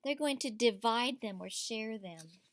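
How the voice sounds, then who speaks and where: A woman teacher with a high, bright voice reads a picture book aloud to children. She reads slowly and with expression. She stops often to ask the children questions. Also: expressive, slight background noise.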